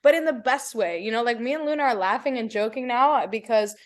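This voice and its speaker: A woman's voice: on the high side, fairly quick. A woman hosting a podcast, talking casually and expressively with playful asides. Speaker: podcast host. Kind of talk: casual spiritual chat.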